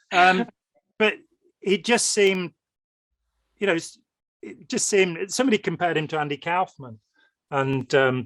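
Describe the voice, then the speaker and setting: A man guest on a podcast, speaking in a fairly high voice. He wanders through his stories with plenty of ums, and the sound is close and dry. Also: a bit bright, no room sound. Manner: discursive, with many ums and quoted asides. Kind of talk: conversational interview chat.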